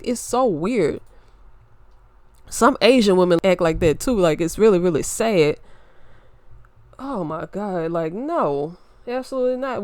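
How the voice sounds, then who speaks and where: A woman with a Louisiana accent telling a story in an animated, indignant rant, muttering one moment and raising her voice the next. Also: mid-range voice, clear, resonant tone, dry recording. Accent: Southern US, Louisiana. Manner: animated, indignant, swings between muttering and raised voice. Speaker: vlogger.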